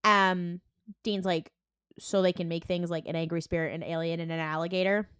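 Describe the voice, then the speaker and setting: A woman co-hosting a podcast, casually recapping a TV episode and acting out the characters' lines in quick voices, with a lot of "like". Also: fairly low pitch, fairly even intonation, fairly bright tone, clear, resonant tone, no echo, clean studio sound. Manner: heavy use of "like" and "and he's like". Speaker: podcast co-host.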